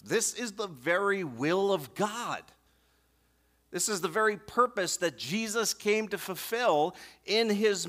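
A man pastor preaching a sermon, emphatic, swelling and slowing down on key phrases. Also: high-pitched, fairly bright tone.

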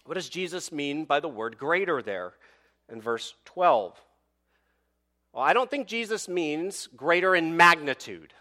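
Bright-voiced man preaching a sermon. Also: a little high. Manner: expressive preaching with dramatic pauses and rhetorical questions. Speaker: pastor.

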